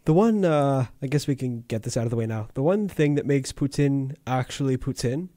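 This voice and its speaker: A man's voice: medium pitch, animated, fairly quick, mellow, no echo, studio quality. A man co-hosting a radio show, laid-back and matter-of-fact. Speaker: radio co-host. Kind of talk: casual chat.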